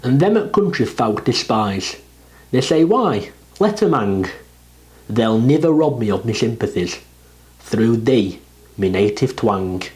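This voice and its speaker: Slow, expressive male poetry reciter. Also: mid-range voice, poor audio. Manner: expressive, rising and falling delivery. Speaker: poetry reader.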